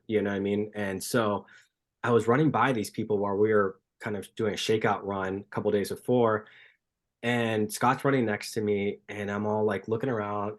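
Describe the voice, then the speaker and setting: A man's voice: fairly low pitch, a little fast. A man from Southern California who is a running coach, telling casual stories packed with "like" and acting out other people's greetings. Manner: animated storyteller, heavy use of "like", acts out greetings. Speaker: podcast guest, running coach. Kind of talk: casual chat.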